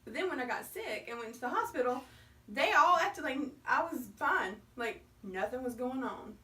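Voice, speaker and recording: A woman's voice: sits high, lively intonation, normal speed, sharp tone. A woman in her thirties, a mother and co-host, chatting casually about her children, full of "like" and acted quotes. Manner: chatty, lots of "like", acts out quotes. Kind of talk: casual chat. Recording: distant mic with faint noise.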